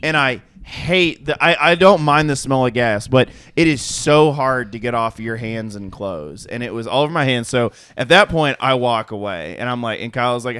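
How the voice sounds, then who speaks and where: At a moderate pace and medium pitch, a young man with a clean tone shares a rambling podcast story, with no room sound. He's a co-host who curses freely and does voices for the people he quotes during a casual storytelling chat.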